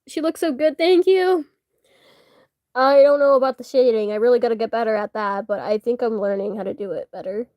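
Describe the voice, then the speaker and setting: A woman's voice: on the high side, normal speed, pauses often, darkish tone, no room sound, clean studio sound. A woman who is sick and sniffling, chatting casually and giggling while she shows her drawings. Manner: giggly, laughs often, self-mocking. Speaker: artist showing her drawings.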